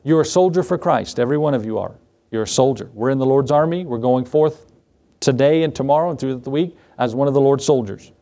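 A man's voice: medium pitch, brisk, mellow. A male pastor preaching a sermon in a conversational way, with rhetorical questions and repeated phrases.

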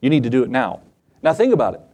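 A middle-aged man preaching a sermon as pastor, animated and acting out Bible scenes in different voices. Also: mid-range voice, very fast, slightly rough.

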